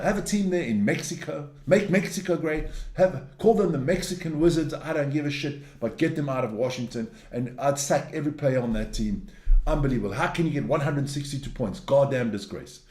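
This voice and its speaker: A man's voice: mid-range voice, a little mellow, roomy sound. A man hosting a sports news show, reading through results in a casual, blunt and opinionated way, ranting and cursing as he goes.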